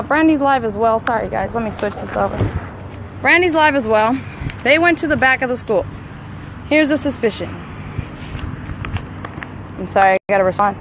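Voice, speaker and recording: A woman's voice: a little high, lively intonation, moderate pace, long pauses. Insistent woman livestreaming outdoors. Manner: urgent, insistent, repeats demands. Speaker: mother livestreaming a confrontation. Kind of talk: live phone stream. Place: outdoors behind a school. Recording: loud outdoor street noise.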